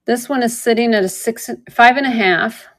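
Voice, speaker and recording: A woman's voice: fairly high pitch, normal speed. A woman casually chatting while selling jewelry live, telling a rambling story with lots of fillers. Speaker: online jewelry seller. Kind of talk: casual live-sale chat.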